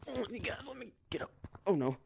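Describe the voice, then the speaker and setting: A man's voice: very high voice, sing-song, a little fast, vocal fry, darkish tone, slight background noise. A man giving casual, playful gameplay commentary as a video creator, giggling, teasing other players and sometimes dropping into whispers.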